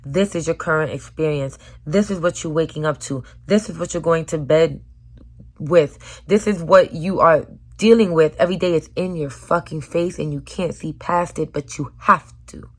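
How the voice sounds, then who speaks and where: A young woman talking earnestly to her viewers in a personal vlog, her voice hoarse from screaming, moving between loud urging and soft near-whispers. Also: low voice, normal speed. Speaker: vlogger.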